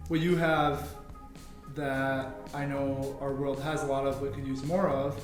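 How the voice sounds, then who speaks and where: A man hosting a podcast, asking questions and wrapping up in a relaxed, thoughtful way. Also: medium pitch, a little slow. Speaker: podcast host. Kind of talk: casual podcast interview. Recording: echoey room with faint music.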